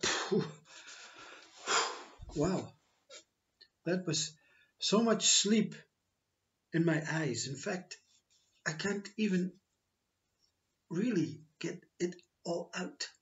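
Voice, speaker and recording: A man delivers a spiritual monologue at an unhurried, deliberate pace. His voice sits a little high, and he circles back over his own words as he teaches. The recording is dull and lo-fi. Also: fairly bright tone. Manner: slow, reflective, repetitive phrasing.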